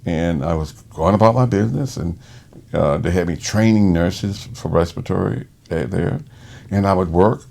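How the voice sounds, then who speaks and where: A man who works as a respiratory therapist, telling a personal story in conversation in an animated way. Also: deep voice, normal speed, gravelly. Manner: animated, acts out quoted voices.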